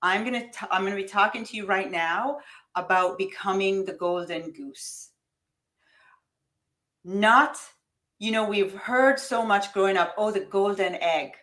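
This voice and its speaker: A woman's voice: medium pitch, measured pace, fairly bright tone. A woman with a lot of energy leads a live online coaching session on money mindset. She speaks emphatically and directly to her viewers, as if each one were in the room with her. Now and then she reads their typed comments back to them. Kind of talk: live-streamed motivational coaching talk.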